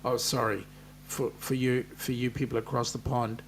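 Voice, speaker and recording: A man's voice: medium pitch, level tone, normal speed, slight background noise. An Australian man hosting a casual live chat, reading out viewer comments and joking with them.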